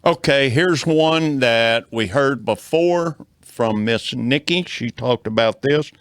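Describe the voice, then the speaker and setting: Slow-drawling male co-host, dry sound. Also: mid-range voice, fairly bright tone, dry recording. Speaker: podcast co-host. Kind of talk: casual panel chat, reading aloud.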